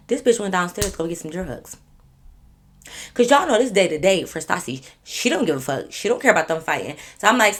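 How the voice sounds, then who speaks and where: A woman vlogger telling a casual story to her viewers, animated and profane, addressing them directly. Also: mid-range voice, fairly quick.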